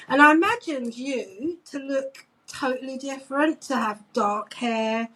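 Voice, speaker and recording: A woman co-hosting a podcast on a video call, quick to react and tease in a casual chat. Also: high voice, fairly bright tone, slight background noise, poor audio. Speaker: podcast co-host.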